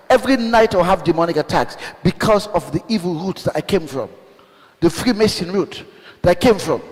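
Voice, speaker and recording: A man preaching a fiery sermon as a bishop, calling out questions to the congregation and bursting into shouts. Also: very high voice. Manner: call-and-response, shouting bursts, rhetorical questions. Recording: long hall reverb.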